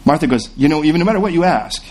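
A man's voice: a little high, very fast, a little hiss or hum. A male pastor preaching a sermon, slipping into the voices of the people in the story he tells. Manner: expressive preaching, acts out the voices of biblical figures.

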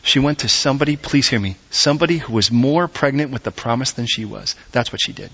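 Animated male preacher, mid-pitched, dull lo-fi church recording. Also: fast, breathy edge. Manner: animated, acts out voices, direct questions. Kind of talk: sermon. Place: church service.

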